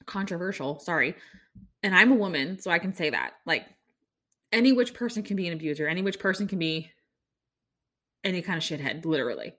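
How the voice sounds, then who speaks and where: A woman's voice: fairly low pitch, animated, brisk, long pauses, a bit bright. A young woman hosting her own podcast, talking in a rambling, incredulous way with many restarts. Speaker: podcast host. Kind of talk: casual solo podcast commentary.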